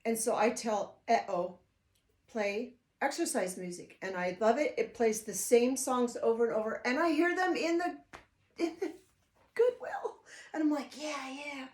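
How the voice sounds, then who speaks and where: In an echoey room at home, an older woman vlogs at a normal speed, her high voice a little mellow. She's chatty and emotional, drifting through her thoughts and often starting sentences again.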